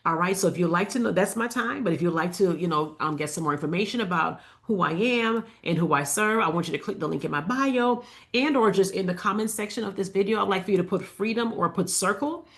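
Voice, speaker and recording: A woman speaking as a faith-based life coach in a casual inspirational talk to the camera. She talks conversationally, with fillers and asides to her viewers, and repeats key lines slowly for emphasis. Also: mid-range voice, a bit bright.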